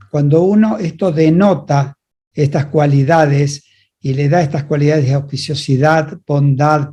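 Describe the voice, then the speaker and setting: Male interpreter, fairly high voice, mellow tone, short relayed phrases. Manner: relays each passage in short phrases, restarting now and then. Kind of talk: consecutive interpretation of a spiritual talk.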